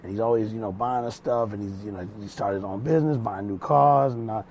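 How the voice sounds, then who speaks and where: Brisk and darkish, with a fairly low pitch, this man's voice carries slight background noise. A music producer and mix engineer, he tells stories in a casual interview in a small studio room, loose and rambling, slipping into street slang and restarting himself.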